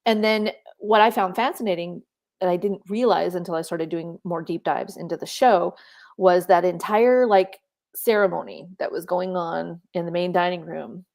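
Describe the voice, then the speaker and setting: A middle-aged woman co-hosting a casual podcast chat, lively, often acting out quotes in playful voices. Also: fairly low pitch, normal speed, creaky. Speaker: podcast co-host.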